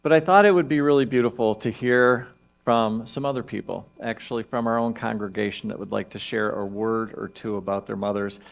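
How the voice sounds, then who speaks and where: A man speaking as minister, reading an inspirational piece to his congregation in a gentle, reflective, soft-spoken way. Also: on the low side, a little fast, vocal fry. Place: church sanctuary.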